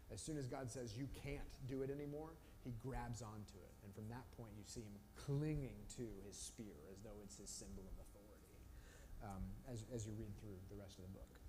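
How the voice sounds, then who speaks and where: A man leading a casual Bible study, retelling the stories with quick voiced asides for the characters. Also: medium pitch, darkish tone. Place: church room. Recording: live stream with long reverb and faint noise.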